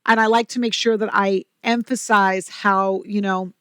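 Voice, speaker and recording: A woman's voice: mid-range voice, clear, resonant tone, no room sound. Chatty upbeat woman telling her story on a podcast, dry close mic. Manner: energetic, chatty storyteller with quick asides. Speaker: podcast guest, company president. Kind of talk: casual interview talk.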